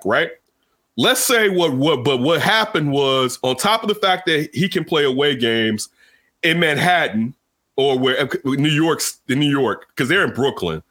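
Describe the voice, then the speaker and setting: A man hosting casual sports talk, animated and rambling, jumping from loud outbursts to low asides. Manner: rambling, restarts often.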